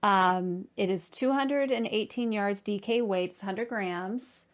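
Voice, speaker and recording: A woman hosting a knitting podcast from home, talking to camera in a chatty, excitable way and addressing her viewers directly. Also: medium pitch, slow pace. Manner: chatty and excitable, full of "like" and "you guys". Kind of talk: casual chat to camera.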